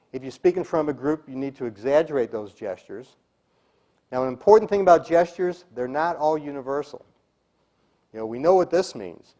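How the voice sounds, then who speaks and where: A middle-aged man with a mellow, warm voice coaches a room of listeners on speaking skills. He talks emphatically, stressing key words and showing each point by example. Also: a little high. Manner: emphatic, demonstrates delivery, drops to a whisper for effect. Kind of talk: live seminar talk to a group.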